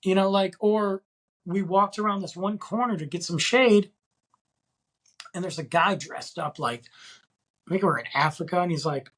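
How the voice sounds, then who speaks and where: Man in his thirties, solo podcast host, raspy tone, eager and loose delivery. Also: sits high, normal speed, pauses often, a bit bright. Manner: enthusiastic, rambling, slangy. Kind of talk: casual podcast monologue.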